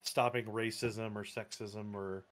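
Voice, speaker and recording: Brief: man, lower voice, blunt sarcastic co-host, casual chat. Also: little pitch movement, measured pace.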